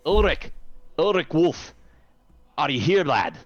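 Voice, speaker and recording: A man's voice: sing-song, takes it slowly, dry recording, full character voice. A man voicing a cautious, kindly male rider with a put-on brogue, dull lo-fi audio. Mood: calling out. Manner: higher, louder put-on voice. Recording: dull lo-fi sound.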